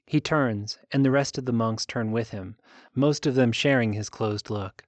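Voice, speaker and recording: A male audiobook narrator reads first-person fantasy prose in a steady, even storytelling manner. His voice sits at a middle pitch. It is recorded close and dry, with no room sound. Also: moderate pace, no echo.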